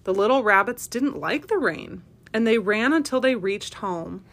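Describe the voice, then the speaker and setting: Animated woman reading a children's story. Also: mid-range voice, moderate pace, creaky. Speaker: parent and podcast host.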